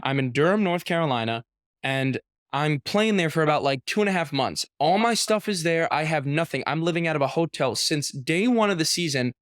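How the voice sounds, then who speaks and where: A young man in his twenties, a guest on an interview show, telling a story in a casual, animated way with lots of "like" and acted-out quotes. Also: on the high side, moderate pace, dry recording, clean studio sound. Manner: animated storyteller, heavy use of "like", acts out quotes. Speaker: professional baseball pitcher, guest.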